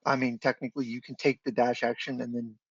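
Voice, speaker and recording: A man running an online tabletop game as dungeon master, giving measured rulings and thinking aloud. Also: medium pitch, little pitch movement, husky, no room sound. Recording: dry lo-fi online call audio.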